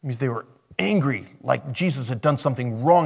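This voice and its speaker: A man preaching a sermon in an animated way, swinging from loud and excited to quiet and reflective. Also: medium pitch, fast, creaky.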